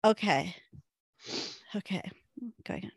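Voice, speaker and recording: A woman co-hosting a podcast, chatting and reacting excitedly while watching a reality show. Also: lowish voice, a little slow, creaky, breathy edge, dry recording, clean studio sound. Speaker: podcast co-host. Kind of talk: casual chat over a TV show.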